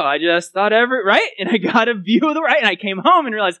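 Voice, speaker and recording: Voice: mid-range voice, expressive, fast talker, sharp tone, dry recording. A pastor from Texas preaching a sermon in a chatty, conversational way, often checking in with the listeners by asking "right?". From Texas, USA.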